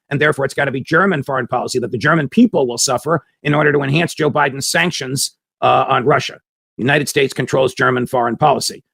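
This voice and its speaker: A man's voice: a little high, creaky, fairly bright tone, slightly rough, no echo. A man hosting a political commentary show, giving an emphatic opinion monologue full of hammering rhetorical questions.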